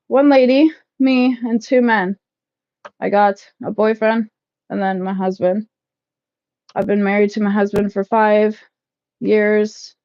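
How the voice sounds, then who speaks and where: A woman in her thirties chatting casually with live viewers while packing up, loud and laughing, swearing freely. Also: medium pitch, no echo, lo-fi sound. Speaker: livestream vlogger. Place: shed, packing up.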